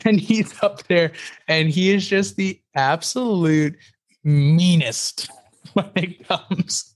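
A man's voice: high voice, slow pace. Chatty, laughing podcast guy. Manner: animated storyteller, laughs often, many fillers. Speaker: podcast co-host. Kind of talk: casual chat.

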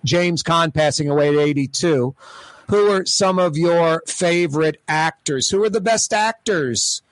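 A man's voice: on the high side, a little slow, no echo. A man hosting a radio talk show, chatting casually and running prize giveaways, rambling with lots of stammered restarts. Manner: rambling, animated, repeats himself with stammered restarts. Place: radio studio.

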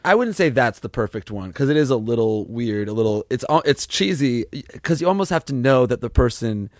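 A man's voice: medium pitch, lively intonation, fairly quick, no echo, clean studio sound. A young man co-hosting a casual comedy podcast, teasing his partner and laughing often. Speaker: podcast co-host. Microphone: handheld podcast mic.

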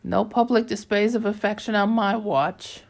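A woman voicing a fussy, ancient male air god who hisses and scolds in a squeaky voice. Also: steady tone, normal speed, gravelly, close to an everyday voice. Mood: scolding. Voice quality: hissing, squeaky.

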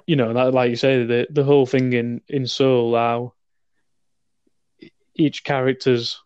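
A man in a casual film chat who talks haltingly, repeats words and seeks agreement. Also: medium pitch, level tone, a little mellow, clean tone, no echo, dull audio.

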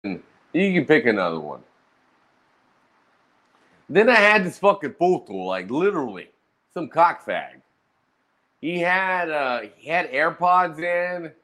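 A man's voice: on the high side, very animated, slow pace, pauses often, pushed and bright. A man telling roast-battle stories in a brash, profane, casual monologue. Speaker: streamer recounting roast battles.

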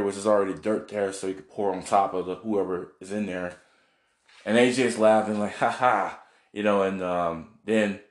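Rambling man recapping in an echoey room. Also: fairly low pitch. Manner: rambling, laughs often, swears casually. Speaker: vlogger recapping a wrestling show. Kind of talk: casual recap. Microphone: camera mic, seen on video.

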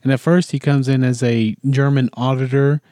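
A man in casual chat about a movie, laid-back and halting as he fills in plot details. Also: mid-range voice, steady tone, mellow, no room sound, studio quality. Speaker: movie discussion co-host.

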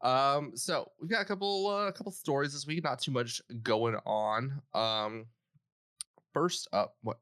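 A man's voice: medium pitch, a little slow, fairly bright tone, dry recording, clean studio sound. A man co-hosting a casual gaming podcast, bantering playfully and poking fun at himself. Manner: playful, self-mocking banter. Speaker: podcast co-host.

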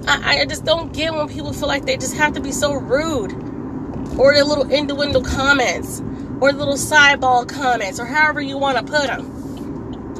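Woman podcaster, high voice, frank repetitive rant, car road noise underneath. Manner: blunt, repetitive, emphatic, rambling. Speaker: podcast host. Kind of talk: candid venting monologue.

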